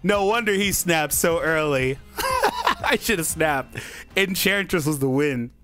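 A young man hosting a gaming channel, commenting on a card game as he plays, excitable, talking to himself and laughing often. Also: a little high, a little slow, faint music behind.

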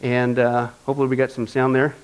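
A male pastor preaching a sermon in an animated, folksy way, often asking the congregation for agreement. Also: medium pitch, quick pace, clear, resonant tone.

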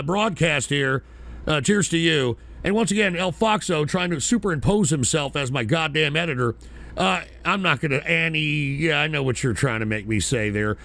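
A man's voice: high-pitched, fairly bright tone. A man hosting a call-in radio show, rambling through viewer names with brash, profane, mock-indignant banter.

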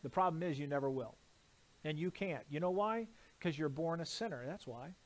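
A man's voice: on the high side, moderate pace. A man preaching a sermon as pastor, emphatic, repeating phrases and putting questions to the congregation. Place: church sanctuary.

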